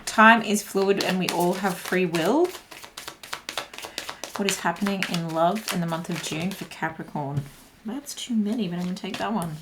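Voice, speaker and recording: A woman's voice: lowish voice, normal speed, noisy background. A young woman reading tarot cards in a casual, chatty way, often laughing and filling gaps with "like" and "um". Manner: chatty, giggly, lots of fillers. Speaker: tarot reader.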